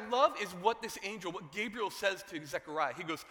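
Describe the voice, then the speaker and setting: A man preaching a sermon, telling a story with animated voices for its characters. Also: fairly high pitch, a little fast, few pauses, in a large hall. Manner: animated storytelling, acting out dialogue. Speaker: pastor.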